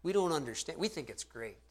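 A man in his thirties preaching a sermon, earnest and conversational, often asking his listeners rhetorical questions. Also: a little high. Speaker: pastor.

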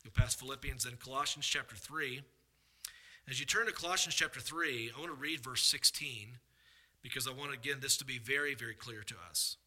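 A man preaching a sermon as pastor, earnest and emphatic, swinging between loud emphasis and quiet asides and often restarting his sentences. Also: medium pitch, fairly quick, rough recording. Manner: repeats words and restarts mid-sentence.

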